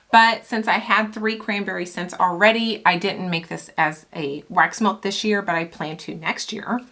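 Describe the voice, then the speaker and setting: A middle-aged woman talks through her favorite scents in a casual, gushing vlog style, with little laughs and asides. Her voice is bright and forceful, with a middle pitch. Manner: chatty and enthusiastic, with laughs and asides. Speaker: small business owner reviewing fragrance oils.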